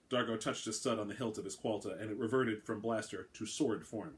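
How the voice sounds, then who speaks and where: A man narrating his own story aloud in a brisk, wry way. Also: on the low side, fairly bright tone.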